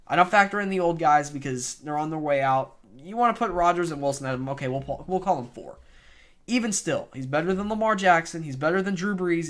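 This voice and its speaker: A young man with a fairly high-pitched voice delivers an unscripted sports rant. He talks in an opinionated, heated way, stacking up complaints and bold claims. It sounds like a casual fan vlog, not a polished broadcast. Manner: opinionated, animated, ranting.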